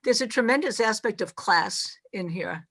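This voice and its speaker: A woman professor from New York speaking on an online panel, quick and eager to add her point. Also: medium pitch, expressive, fairly bright tone, slightly rough.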